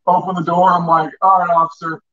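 A man's voice: sits high, level tone, fast talker, bright, forceful tone. A young man co-hosting a livestream, telling a crude story with lots of swearing. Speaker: livestream co-host. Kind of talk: casual storytelling. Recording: distant, muffled lo-fi sound.

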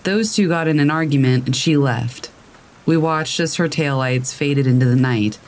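A man's voice: on the high side, moderate pace, a little hiss or hum, low-quality recording. Man narrating scary stories over rain.

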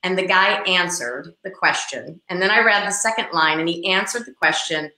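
A woman's voice: fairly low pitch, normal speed. A middle-aged woman, a real estate agent, animatedly telling a story in an interview and acting out the people in it. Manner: animated, acts out the people in her anecdotes. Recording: roomy echo.

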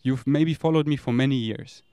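A man rambles candidly, swearing freely as he talks. His voice is smooth and clear. It sounds dry and close, with no room echo. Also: medium pitch, normal speed, dark tone. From Germany. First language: German. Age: 30s. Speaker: vlogger. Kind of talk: casual confessional monologue.

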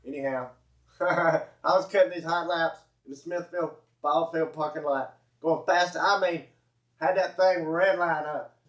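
A man with a Southern US accent and a fairly high, slightly bright voice rambles through a farm story, chuckling and often correcting himself mid-sentence. It's a folksy, casual anecdote captured in an echoey room on dull, lo-fi audio.

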